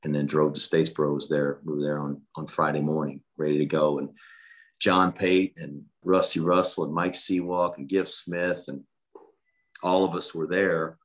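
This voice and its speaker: A man, a football coach, recalls his career in a measured, matter-of-fact way. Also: extremely low pitch, little pitch movement. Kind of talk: interview recollection.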